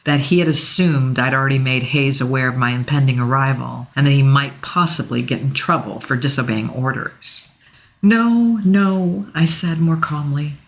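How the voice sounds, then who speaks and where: A woman narrating a first-person romance audiobook in an expressive, emotional reading. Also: very deep voice, moderate pace, hardly any pauses.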